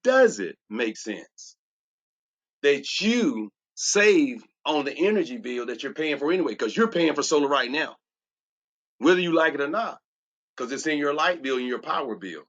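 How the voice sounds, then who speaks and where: Emphatic coach type, man, a bit high-voiced, churchy sales pitch, muffled lo-fi recording. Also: lively intonation, fairly quick, a bit bright. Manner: preachy, emphatic, repeats "watch this". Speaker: transformational coach. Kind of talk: solar sales presentation.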